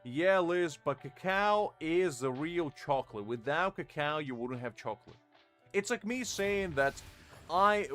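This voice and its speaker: A man's voice: a little high, a bit bright. Man bantering in mock outrage. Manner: playfully argumentative, mock-outraged teasing. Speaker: game streamer. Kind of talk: casual live-stream banter.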